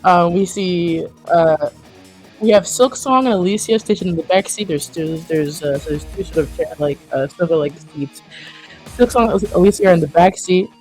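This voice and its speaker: A woman's voice: fairly low pitch, moderate pace, darkish tone, soft background music. A woman narrating a tabletop game as game master, describing scenes in a hesitant way full of fillers.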